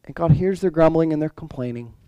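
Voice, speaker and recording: A man's voice: a little high, brisk, mellow, clean tone, no room sound, low-quality recording. A male pastor preaching a sermon in a conversational way, full of restarts and rhetorical questions.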